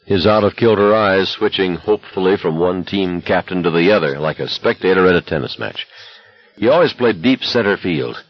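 A man narrates an audiobook in a measured, somber manner. His voice is very low and husky, and the dry recording sounds dull and lo-fi. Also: no room sound. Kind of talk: scripted narration.

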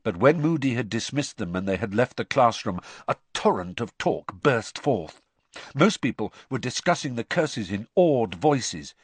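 A man narrating an audiobook in an expressive, varied manner. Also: mid-range voice, measured pace, breathy edge, no room sound.

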